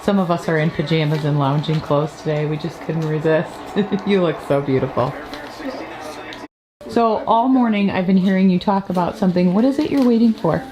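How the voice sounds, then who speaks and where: Cheerful mom narrating a family vlog. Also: female voice, fairly low pitch, moderate pace, a crowd in the background. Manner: cheerful, affectionate, narrating to the camera. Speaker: vlogging mom. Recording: noisy home video.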